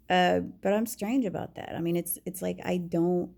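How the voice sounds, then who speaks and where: A woman talking frankly and confidingly about herself in a personal monologue, with halting restarts and dropping to a whisper when she quotes herself. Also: lowish voice, vocal fry, a little mellow. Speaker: vlogger.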